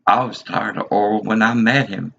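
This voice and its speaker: A man's voice: lowish voice, fairly quick, vocal fry, fairly bright tone, slightly rough. A man in his fifties giving an agitated, rambling monologue, repeating himself as he vents. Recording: dull lo-fi recording.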